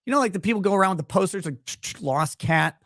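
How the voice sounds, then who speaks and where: A man's voice: sits high, expressive, racing, fairly bright tone, no room sound. A man hosting a livestream with casual, sarcastic, rambling commentary, talking to his chat viewers by name. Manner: sarcastic, rambling, mocking impressions. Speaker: livestream host.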